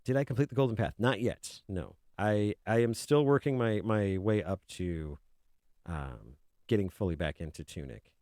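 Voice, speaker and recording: A man streaming video games, chatting casually and mocking himself while he mutters at his software. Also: on the low side, animated, normal speed, no room sound, clean studio sound. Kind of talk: casual game stream chat.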